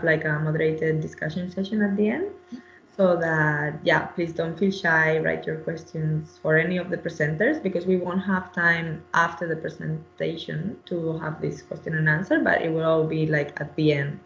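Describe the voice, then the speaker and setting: A woman's voice: sits low, fairly even intonation, normal speed, fairly bright tone, reverberant, muffled recording, a little hiss or hum. A woman researcher presenting in a webinar, speaking hesitantly with many fillers and restarts.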